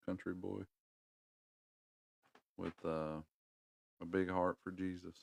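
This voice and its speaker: A middle-aged man with a North Carolina Southern accent hosts a livestream, chatting with his viewers in a rambling, folksy way. His low voice is slow and level, with vocal fry.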